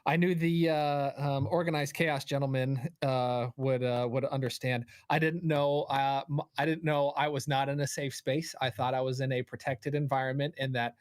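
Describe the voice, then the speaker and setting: A man's voice: mid-range voice, steady tone, moderate pace, hardly any pauses, clear, resonant tone. A man as a guest on a casual livestream chat, telling stories in a joking, hesitant way with many filler words. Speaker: guest co-host.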